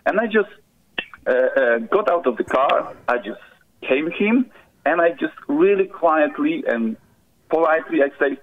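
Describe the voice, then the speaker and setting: Polish-accented man calling in, husky. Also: fairly high pitch, expressive. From Poland. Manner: halting, many fillers like "you know". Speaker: caller. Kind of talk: casual call-in chat. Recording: muffled phone call-in line.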